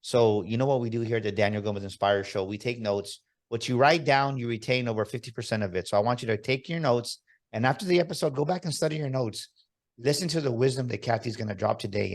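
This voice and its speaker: Enthusiastic motivational male podcast host. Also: medium pitch. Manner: enthusiastic, motivational, mixes in Spanish. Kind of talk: upbeat interview podcast.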